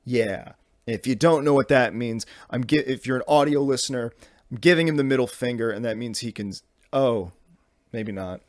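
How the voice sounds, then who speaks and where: A man's voice: medium pitch, moderate pace, darkish tone, no room sound, studio quality. A young man in his twenties hosting a podcast, telling a rambling comedic story full of restarts and swearing. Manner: rambling and exasperated, with many restarts and profanity. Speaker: podcast host. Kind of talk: casual comedic monologue.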